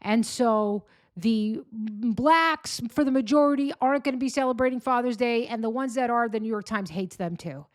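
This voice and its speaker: Woman host, sarcastic and mocking, kinda high voice, dry close sound. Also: normal speed, hardly any pauses, dry recording. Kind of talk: commentary on clips.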